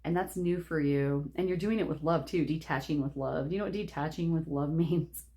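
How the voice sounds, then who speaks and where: A woman's voice: low voice, moderate pace, dark tone. A woman giving a casual pick-a-card tarot reading, rambling and chatty, laughing often. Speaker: tarot reader.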